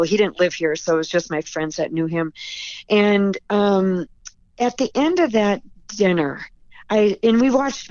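A woman's voice: medium pitch, darkish tone, dry recording. Woman author, podcast guest, earnest and emotional storyteller, dry and slightly muffled recording. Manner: tearful and earnest, with repeated restarts.

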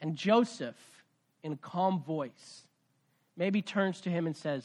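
High-voiced man preaching a sermon. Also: slow. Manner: conversational storytelling, swings between loud and soft. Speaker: pastor.

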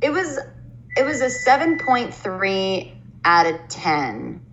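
A woman's voice: mid-range voice, big pitch swings, slow pace, background noise. Woman, young adult, podcast co-host, casual chat, easygoing, joking.

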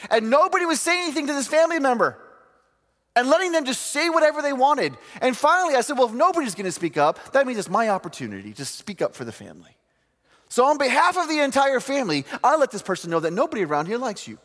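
Male preacher, humorous storyteller, lively pitch swings, long hall reverb. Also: quick pace. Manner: animated storytelling with humor and quoted voices. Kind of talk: sermon.

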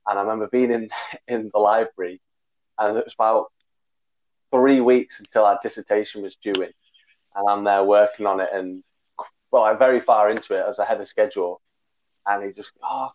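A man's voice: on the low side, fairly even intonation, moderate pace, long pauses, darkish tone. A man in his twenties chatting casually, a rambling storyteller who corrects himself as he goes. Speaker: podcast co-host. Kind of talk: casual chat. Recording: muffled lo-fi recording.

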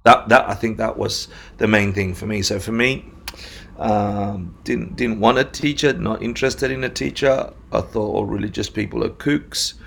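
A man's voice: lowish voice, fairly even intonation, moderate pace, creaky, a bit bright, a little hiss or hum. A man from Buenos Aires, Argentina, telling his life story as a guest in a candid, self-deprecating way with frequent restarts. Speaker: Buddhist teacher, guest. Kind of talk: conversational storytelling.

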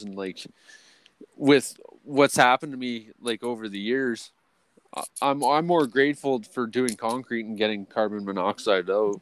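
Rambling, swearing man telling a story. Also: fairly low pitch. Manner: rambling storyteller, heavy swearing, many fillers. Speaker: podcast co-host. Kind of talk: casual chat.

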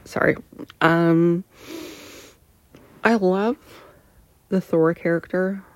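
Asked personal questions, a woman in her thirties replies frankly yet haltingly, full of pauses and sometimes slipping into a breathy near-whisper. Her voice is on the low side, steady and a little mellow, with no room sound.

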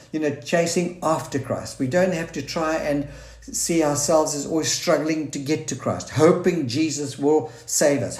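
A man's voice: fairly high pitch, a little mellow. A man preaching a sermon in an earnest, searching way, quoting scripture and restarting his thoughts. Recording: roomy echo.

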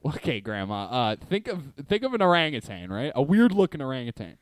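A man's voice: fairly high pitch, huge pitch swings, a little fast, no room sound. A young man co-hosting a podcast in casual chat, joking and rambling and laughing often. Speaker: podcast co-host.

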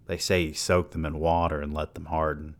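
A man's voice: very deep voice, level tone, brisk. A man voicing a skeptical male bar patron who talks in a dry, doubting way.

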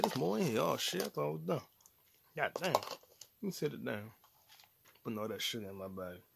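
A man's voice: mid-range voice, gravelly, noisy background. Profane rambling young man podcasting solo. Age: 20s. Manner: profane, rambling, loose slang-heavy delivery. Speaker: podcast host. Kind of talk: casual solo podcast rant.

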